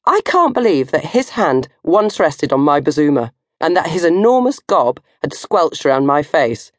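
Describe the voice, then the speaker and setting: An older woman reading her own comic novel in first person, animated and jumping to high squeals for effect. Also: moderate pace, hardly any pauses, no echo, clean studio sound.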